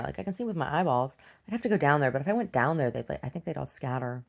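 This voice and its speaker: A woman with an unusually low voice talks through a casual video diary, wandering from story to story. Her voice has a gravelly, creaky edge, and she stops and restarts her sentences often. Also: expressive. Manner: halting, full of restarts and "like", shouts when acting out quotes. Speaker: video diarist.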